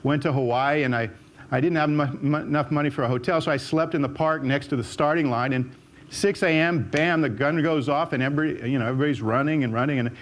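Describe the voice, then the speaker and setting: Older man, higher-pitched storyteller. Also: fast. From United States. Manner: chatty storyteller with frequent restarts and repeated words; jumps up in pitch when acting out what people said. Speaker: speaker. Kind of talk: storytelling talk on stage. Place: auditorium stage.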